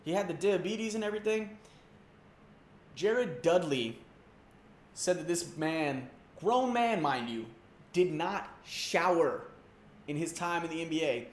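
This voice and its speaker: A man's voice: a little high, lively intonation, a little slow, pauses often, a little hiss or hum. A man hosting a comedic sports rant, loose and slangy, mocking and rambling. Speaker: comedy sports show host. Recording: roomy echo.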